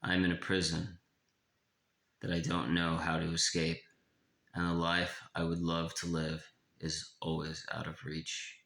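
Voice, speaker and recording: A man reads his own confessional writing aloud, somber and unhurried. His voice is extremely deep and gravelly, with a bright edge. It sounds roomy and echoey. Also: completely flat delivery. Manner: somber, confessional, slow in places. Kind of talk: reading a personal memoir aloud. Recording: echoey room.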